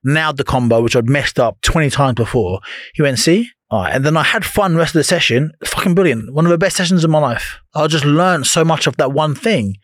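A man, a podcast guest chatting casually in a studio, who tells animated stories, swears freely and acts out what others said. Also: on the high side, fairly quick, no room sound. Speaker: podcast guest, former boxer.

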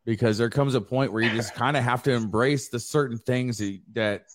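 A man hosting a podcast, recalling things in a casual, halting way. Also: medium pitch. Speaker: podcast host. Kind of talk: casual reflective chat. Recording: faint background noise.

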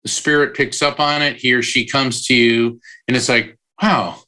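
A man's voice: mid-range voice, fairly even intonation, moderate pace, sharp tone. A man who works as a psychic medium, giving an interview guest's long explanations full of analogies and the odd digression. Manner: explains at length with analogies, prone to digressions and restarts.

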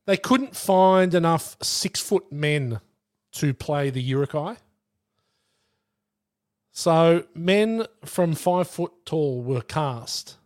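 A man co-hosting a casual movie podcast, blunt and quick with a crude joke as he shares trivia. The recording is dry and close, and his voice sits a little high. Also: animated, no echo. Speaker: podcast co-host. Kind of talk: casual film podcast chat.

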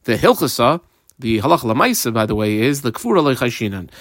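A man's voice: mid-range voice, sing-song, fast, fairly bright tone, no room sound. Man teaching Talmud line by line. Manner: explains text line by line, mixing Aramaic phrases with English. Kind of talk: Talmud lesson.

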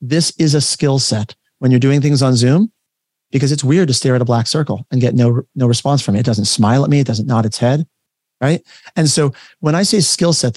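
A man coaching a workshop over a video call, talking in an energetic, conversational and emphatic way. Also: medium pitch, no echo, studio quality. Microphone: webcam setup, facing camera.

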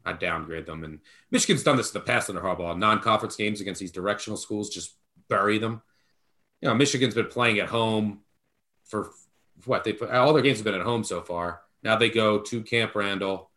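This podcast co-host and betting analyst has a lowish voice that comes out fairly quick, pushed and bright. He makes his points emphatically, tinged with mock apology, during laid-back sports betting talk.

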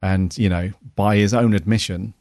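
A man's voice: on the low side, steady tone, moderate pace, darkish tone, no echo, clean studio sound. A man co-hosting a podcast, talking casually and rambling with many "you know"s. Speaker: podcast co-host. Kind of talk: casual review chat.

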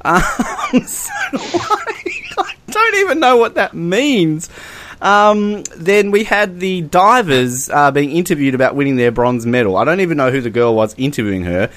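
A man co-hosting a casual comedic podcast, animated and prone to laughing. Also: fairly high pitch, unhurried. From Australia. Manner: animated and giggly, often breaks into laughter. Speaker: podcast co-host.

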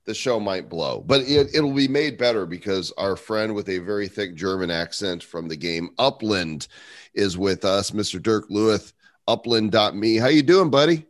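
A man's voice: lowish voice, moderate pace, no room sound, studio quality. A man hosting a podcast, joking casually and leading the conversation. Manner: joking, relaxed, leads the conversation. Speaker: podcast host.

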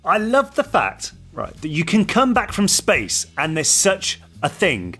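A man's voice: high voice, wildly swooping pitch, a little slow, fairly bright tone, faint music behind. A man co-hosting a podcast, chatting casually and playfully and putting on silly voices now and then. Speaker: podcast co-host.

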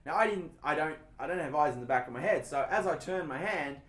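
A man's voice: fairly high pitch, animated, fast, fairly bright tone. Rambling Australian man in an echoey room. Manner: rambling, self-deprecating storytelling. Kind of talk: casual chat.

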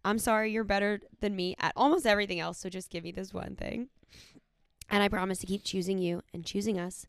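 A woman's voice: medium pitch, fairly even intonation, a little fast, no room sound, clean studio sound. A woman in her thirties, a podcast co-host, reading her wedding vows aloud in a tender, sincere way.

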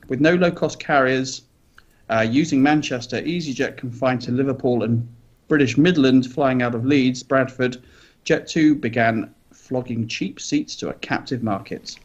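A man's voice: mid-range voice, lo-fi sound. A man co-hosting a podcast, reading news items aloud with chatty asides and light jokes. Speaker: podcast co-host.

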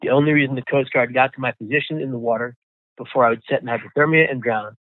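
Speaking as an interview guest, a man tells the story of how he survived, frequently halting and repeating words. His mid-range voice, fairly even in intonation, arrives over a thin, phone-like line. The recording is dry and close, with no room sound or echo.

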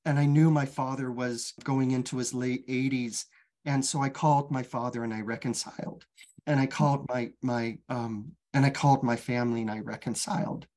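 Frank, animated middle-aged woman. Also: a bass voice, moderate pace. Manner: frank, animated, swears casually. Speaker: guest. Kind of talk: candid personal storytelling.

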